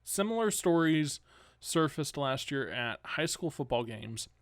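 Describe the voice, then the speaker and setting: A man hosting a solo news commentary podcast, reading news items aloud and cutting in with sarcastic, exasperated remarks that jump up in pitch. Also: animated, a little slow, dry recording, clean studio sound. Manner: reads news items, then rants sarcastically; exasperated outbursts with rising pitch. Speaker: podcast host.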